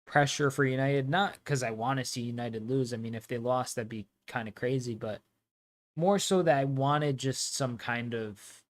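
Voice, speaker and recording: A young man hosting a live football watch-along, chatting casually in slang and breaking into loud, high outbursts at the action. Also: moderate pace.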